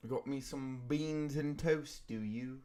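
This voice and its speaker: A man's voice: mid-range voice, warm tone, lightly acted. A man putting on a jolly mock-posh Englishman. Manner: mock-posh, drawn-out words. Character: cheery exaggerated Englishman, breakfast-loving, over-polite.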